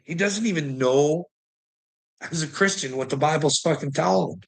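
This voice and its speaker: A man's voice: fairly high pitch, normal speed, vocal fry. A man ranting in a monologue, heated and swearing constantly, with short laughs between his points. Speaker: vlogger.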